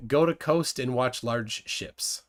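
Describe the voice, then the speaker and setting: A man's voice: medium pitch, slow pace. A man hosting a casual live stream, reading viewer comments aloud and questioning his guest. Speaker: host.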